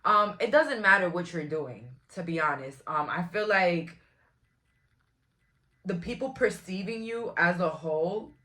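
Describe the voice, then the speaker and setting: A woman's voice: fairly low pitch, expressive, unhurried, sharp tone. A woman, giving a casual, frank tarot reading to camera in a chatty, blunt way. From Brooklyn, New York. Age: 20s. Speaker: tarot reader.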